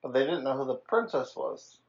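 Co-host, mid-pitched voice, dry teasing asides, muffled lo-fi sound. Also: expressive, a little fast, creaky. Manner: wry interjections and teasing comments. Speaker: podcast co-host. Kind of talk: casual chat.

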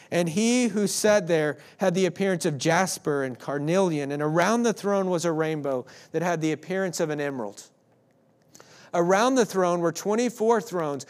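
Male pastor, high voice, emphatic scripture reading and prayer.

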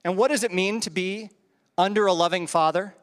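Speaking fairly quickly in a voice that sits high, this male pastor delivers a sermon through a handheld mic. The reverberant hall carries his conversational style, his rhetorical questions, and his chuckles at his own asides.

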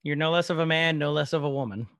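A man co-hosting a casual TV-show podcast, talking in an animated way and laughing often. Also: fairly high pitch, fast, smooth, no echo, studio quality. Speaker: podcast co-host. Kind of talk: casual chat.

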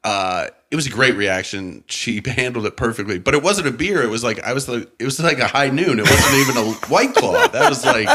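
A man's voice: mid-range voice, lively intonation, brisk, hardly any pauses, bright, forceful tone. A man in his forties with a Canadian accent, a comedian guest chatting casually on a podcast, laughing often and rambling. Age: 40s. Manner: laid-back, laughs often, rambling restarts.

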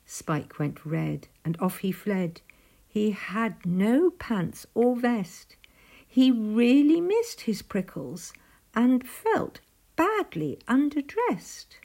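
A woman reading a rhyming picture book aloud. Her voice is breathy and very slow, rising and falling in lively swoops and sinking to a hushed near-whisper. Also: on the high side. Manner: gentle, often dropping to a hushed near-whisper. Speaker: storyteller.

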